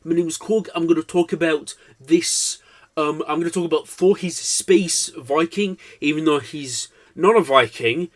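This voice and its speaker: A man's voice: fairly high pitch, normal speed, natural voice. A man doing Korg, a dim rock alien. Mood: chatty.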